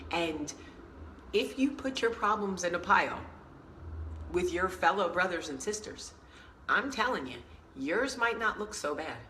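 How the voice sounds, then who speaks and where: Chatty woman with a low, bright voice. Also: a little slow, long pauses, slight background noise, low-quality recording. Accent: New York. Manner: chatty, animated storyteller who acts out quotes. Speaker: vlog host. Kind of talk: casual storytelling vlog.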